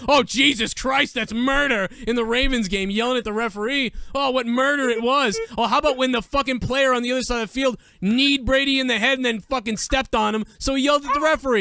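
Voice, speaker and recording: A man co-hosting a live stream, ranting angrily and profanely and often yelling. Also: very high voice, vocal fry, clean tone, dry recording. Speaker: livestream co-host.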